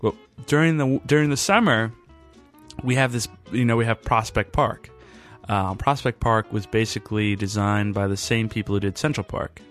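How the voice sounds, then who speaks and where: A man's voice: on the low side, a bit bright, faint music behind. Tired, rambling male podcast host. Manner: rambling, halting, with frequent fillers. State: worn out after a long day. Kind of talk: casual rambling chat.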